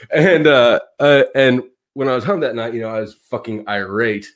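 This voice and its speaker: A man's voice: medium pitch, a little slow. A man in casual conversation, telling blunt childhood stories, swearing freely and laughing as he talks. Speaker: guest.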